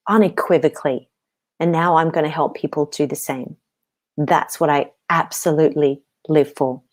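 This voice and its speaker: An older woman giving an emotional, animated motivational talk as a guest speaker on an online video call. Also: low-pitched.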